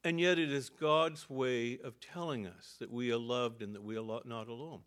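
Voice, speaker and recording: A man's voice: mid-range voice, fairly even intonation, fairly bright tone. Older man preaching a personal story. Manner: storytelling, halting restarts, earnest. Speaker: pastor.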